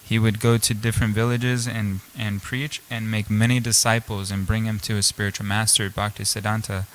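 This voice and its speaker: Guy with a low flat voice telling a story at temple class, lots of um and like, faint hiss. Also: low-quality recording. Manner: casual, filler-heavy, frequent restarts. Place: temple hall.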